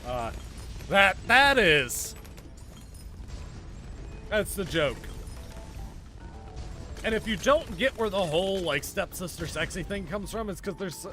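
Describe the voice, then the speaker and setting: A male streamer talks casually to his chat while he plays, joking and sarcastic. His voice is bright and swings up and down a lot, with pitch sitting a little high. Faint game music runs underneath. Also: animated, slow pace, pauses often.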